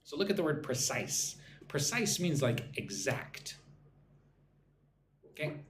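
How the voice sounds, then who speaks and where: A man teaching English on a live stream, drilling phrases slowly and greeting viewers from the chat, a little sleepy. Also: a little high, very animated, a crowd in the background. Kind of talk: live-streamed pronunciation lesson. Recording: echoey room with faint background noise.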